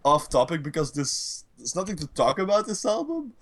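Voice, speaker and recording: A man's voice: fairly high pitch, sing-song, moderate pace, a little hiss or hum. A man co-hosting a casual podcast chat, ranting in a rambling, profane way. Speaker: podcast co-host.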